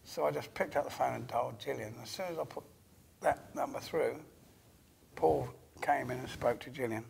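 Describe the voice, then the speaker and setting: A man telling his story as an interview guest, hesitant and full of pauses. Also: medium pitch, vocal fry, darkish tone, a little hiss or hum. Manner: hesitant, many pauses and fillers. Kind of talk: halting conversational storytelling.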